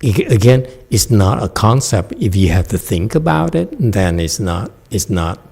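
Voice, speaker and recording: Slow, mellow-voiced man teaching meditation. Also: on the low side, lively intonation, gravelly, husky. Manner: laughs often, keeps checking with "okay?". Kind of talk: dharma talk answering questions.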